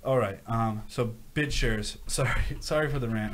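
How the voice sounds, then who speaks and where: A man's voice: mid-range voice, normal speed, hardly any pauses, slight background noise. Rambling male livestream host. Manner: rambling, animated rants with repeated phrases. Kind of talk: casual livestream chat reading viewer questions.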